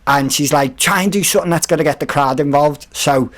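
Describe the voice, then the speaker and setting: Man, fairly high voice, animated storytelling, podcast guest. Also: brisk. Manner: animated, acts out quoted voices. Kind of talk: casual storytelling.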